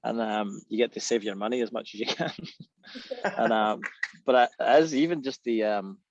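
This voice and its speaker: Gravelly Scottish man on a dull call. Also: medium pitch, moderate pace, a little hiss or hum. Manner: chatty, rambling, laughs often. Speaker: guest musician. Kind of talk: casual video panel chat. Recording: dull dry video call audio.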